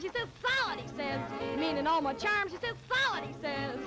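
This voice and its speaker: A woman's voice: very high voice, poor audio. A woman playing a comic young nightclub singer in a 1940s film musical number, with a brassy, mugging delivery over a big band. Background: big band orchestra.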